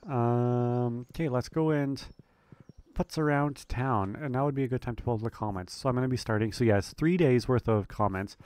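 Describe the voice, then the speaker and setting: A gaming video creator with a mid-range, slightly mellow voice and a clean tone, recorded without room sound, gives relaxed let's play commentary. He chats casually about his own farming game playthrough, rambling and using lots of fillers.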